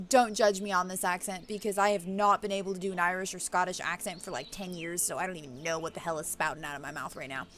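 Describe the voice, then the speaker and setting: A woman's voice: mid-range voice, lively intonation, normal speed, fairly bright tone, soft background music. A woman playing a visual novel, chatting casually and joking at her own attempts at accents. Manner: self-mocking, laughing at own accents. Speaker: game streamer. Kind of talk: casual chat while reading a game aloud.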